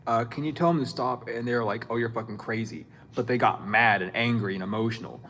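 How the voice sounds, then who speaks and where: A man's voice: mid-range voice, a little hiss or hum. A man giving a casual spiritual reading to camera, blunt and scolding, in profane street slang. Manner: animated and scolding, with quick laughs. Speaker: spiritual reader.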